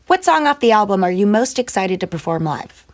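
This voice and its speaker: Animated woman firing quick questions. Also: medium pitch. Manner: upbeat, brisk questioning. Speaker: interviewer. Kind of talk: rapid-fire interview questions.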